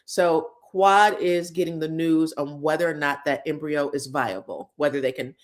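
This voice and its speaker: A woman's voice: sits low, moderate pace. Emotional woman recapping reality TV. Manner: animated, emotional, swears freely, thanks viewers; retells scenes in others' voices. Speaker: reality show commentator. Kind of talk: casual reaction chat.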